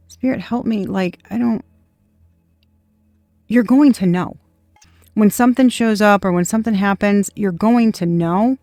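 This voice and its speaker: A tarot reader giving a casual, rambling intuitive reading straight to viewers, with soft laughs and the odd swear word. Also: medium pitch, no room sound, clean studio sound. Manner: rambling, chatty, speaks to unseen viewers.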